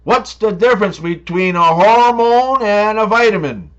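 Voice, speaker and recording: A man telling a run of scripted jokes, with deadpan setups and playful punchlines. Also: high voice, unhurried, lo-fi sound. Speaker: comedy joke teller. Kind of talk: scripted joke monologue.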